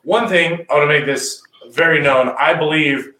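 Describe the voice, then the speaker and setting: A man and former rugby captain, breaking down rugby play in casual podcast talk and acting out players' voices with energy. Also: a little high. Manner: animated, acts out players' talk in quick voices. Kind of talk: casual sports podcast analysis. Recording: roomy echo.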